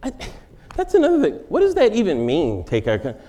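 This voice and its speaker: A man's voice: sits high, huge pitch swings, a little fast, warm tone. A male comedian giving a wry comic lecture in a large forum, interviewing himself and laughing at his own jokes.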